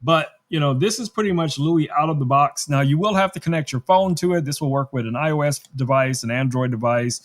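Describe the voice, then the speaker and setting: A man's voice: on the high side, brisk, hardly any pauses. A man hosting a casual live-stream tech demo from his studio, chatty and thinking aloud as he works. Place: home studio.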